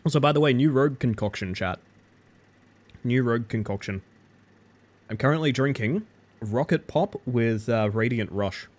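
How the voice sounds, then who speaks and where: A man's voice: mid-range voice, moderate pace, pauses often. A young man streaming a game, chatting playfully and joking directly with his viewers. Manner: playful, joking, talks straight to chat. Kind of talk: casual live-stream chat while gaming.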